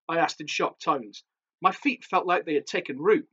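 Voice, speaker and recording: A man, an author, reading his own horror story aloud in a measured, darkly theatrical way. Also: a little high, sharp tone, slightly rough, dull audio.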